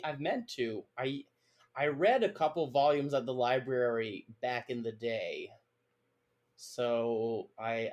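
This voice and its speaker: A man co-hosting a podcast, teasing and laughing easily, often restarting his sentences. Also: mid-range voice. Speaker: podcast co-host. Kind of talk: casual podcast chat. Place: home, recorded remotely.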